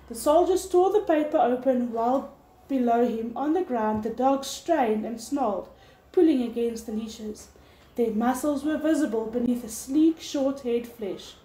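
A woman teacher reading a novel aloud in steady storybook narration. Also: on the high side. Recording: echoey room with faint hiss.

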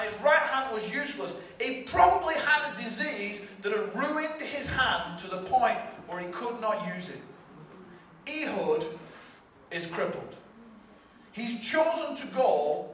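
A man's voice: extremely high pitch, lively intonation, unhurried, bright, forceful tone, slight background noise. A male pastor preaching a sermon with emphatic, repetitive rhetorical build-ups. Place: large church hall. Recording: echoey hall from far off, faint ambience.

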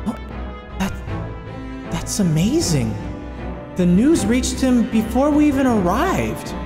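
A man reading an earnest young law student who stammers politely through hesitant lines. The voice is a lively one, and game music plays beneath it. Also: high-pitched, slow pace, pitched above the performer's own voice, full character voice.

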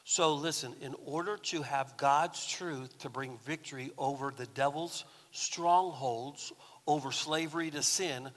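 A pastor giving a sermon in a conversational, storytelling way with touches of humor, recorded in a church. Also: male voice, fairly high pitch, fairly bright tone, long reverb tail. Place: church sanctuary.

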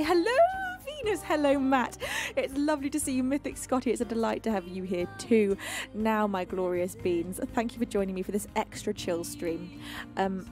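A woman from the UK hosting a livestream, greeting her chat in a playful, affectionate, deliberately calm and soothing voice. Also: a little high. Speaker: streaming singer-songwriter host. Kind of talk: casual livestream chat reading chat messages. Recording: faint music playing behind.

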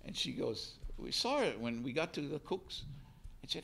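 A man, a canoe crew member telling a lively story to a hall audience and acting out the voices. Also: on the high side, moderate pace, vocal fry, slight background noise. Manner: animated storyteller, laughs and acts out voices. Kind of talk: storytelling talk.

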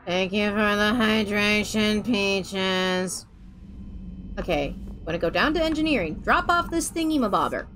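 A woman's voice: medium pitch, lively intonation, measured pace, a bit bright, a little hiss or hum. A woman giving let's play commentary into a desk microphone, chatty, jokey and often swearing. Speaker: gaming streamer.

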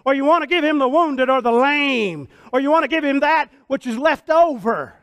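Pastor guy in his 60s preaching hard, folksy, real high voice, goes quiet then shouts. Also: expressive, moderate pace, no echo. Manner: folksy, fervent preaching that swings from hushed to shouted. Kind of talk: sermon.

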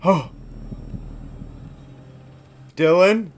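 A young man commentating on his horror game playthrough, swearing freely and reacting loudly to each turn. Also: high-pitched, very slow, a little hiss or hum. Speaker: gameplay commentator. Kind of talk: let's play commentary.

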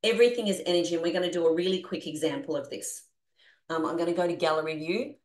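Energetic Australian woman coaching a video call. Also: lowish voice, fast talker, reverberant. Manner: energetic, animated, coaxing the group along. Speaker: business coach.

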